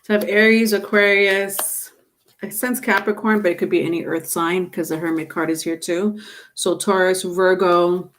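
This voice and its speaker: A woman's voice: on the low side, fairly even intonation, normal speed, a bit bright. A woman giving a live-stream tarot reading, chatting with viewers and calling them by name. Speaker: tarot reader.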